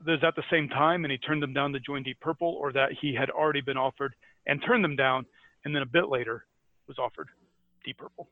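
A man's voice: mid-range voice, a little fast, no room sound, phone-quality sound. A man with a Scottish accent, a podcast co-host telling music history stories in casual chat, with many fillers and easy laughs. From Scotland.

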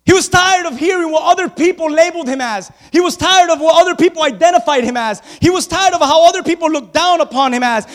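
A man preaching a sermon with emphatic repetition that builds to shouts. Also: extremely high pitch, long reverb tail.

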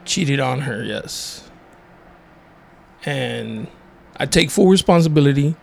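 A man's voice: medium pitch, animated, takes it slowly, gravelly, a little hiss or hum. A young man co-hosting a podcast, casual and joking, laughing often and swearing freely. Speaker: podcast co-host. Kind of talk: casual chat.

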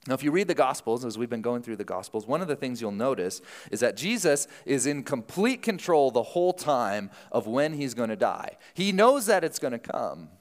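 A man preaching a sermon in a casual, animated style, often restarting his sentences. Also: medium pitch, moderate pace, hardly any pauses, big-room sound. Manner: conversational, animated, self-interrupting. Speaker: pastor. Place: church sanctuary.

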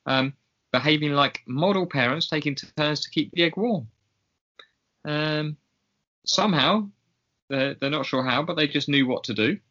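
A man's voice: on the high side, unhurried, pauses often, sharp tone. A man co-hosting a podcast in casual chat, talking in a chatty, hesitant way with many ums. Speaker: podcast co-host. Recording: slightly dull lo-fi sound.

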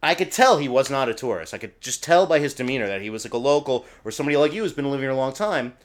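A loud, excitable man from New Jersey tells stories on a podcast, cursing freely as he goes. He talks at a rapid clip, and his pitch swings widely as he gets worked up. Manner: loud, excitable, swears a lot. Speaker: podcast guest, comic book artist. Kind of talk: casual chat.

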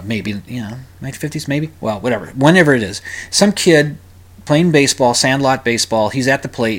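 A man's voice: medium pitch, fairly bright tone. A man hosting a solo podcast, rambling and ranting with frequent restarts, sighs and exasperated groans. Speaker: podcast host.

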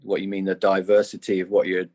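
Middle-aged male guest, low, husky, chatty rambling storyteller. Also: completely flat delivery, quick pace, a little mellow, highs cut off. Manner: rambling, many restarts and "you know"s. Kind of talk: anecdotal storytelling.

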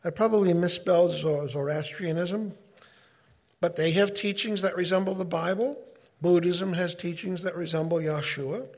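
A middle-aged man giving an informal Bible teaching, talking in a conversational, animated way and often breaking off mid-sentence. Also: sits high, normal speed. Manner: conversational, animated, self-interrupting.

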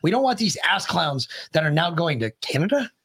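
A man's voice: a little high, sing-song, fairly quick, gravelly, a bit bright, slightly rough, no room sound, clean studio sound. A man in casual podcast chat as the guest, joking and brash with plenty of profanity.

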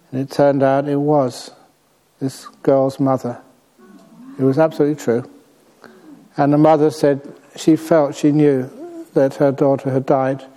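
A man acting as a Buddhist teacher, telling a story to an audience in an unhurried way with light humor. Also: medium pitch, mellow.

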